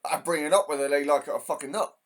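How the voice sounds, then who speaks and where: A man's voice: fairly high pitch, very fast. An English man hosting a heated, profane ranting monologue. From England. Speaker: host.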